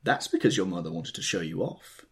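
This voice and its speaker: A crooning, gushing young society lady with a lively, swooping voice, as a male narrator puts her on. She is affected and sweet. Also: deep voice, fairly quick.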